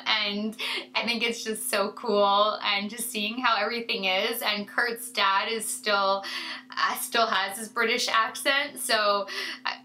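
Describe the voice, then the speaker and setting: She speaks in an unhurried, meandering way with a slightly high, bright and forceful tone. Her casual chat to viewers rambles, full of fillers and asides. A faint hum sits under the recording. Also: rough recording. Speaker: beauty vlogger.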